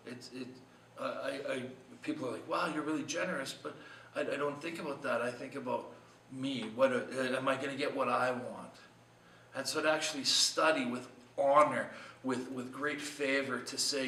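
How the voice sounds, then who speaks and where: A man's voice: mid-range voice, sharp tone, reverberant, distant mic, a little hiss or hum, low-quality recording. A man preaching a short devotional sermon in an earnest, conversational way, asking his listeners many questions. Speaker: pastor.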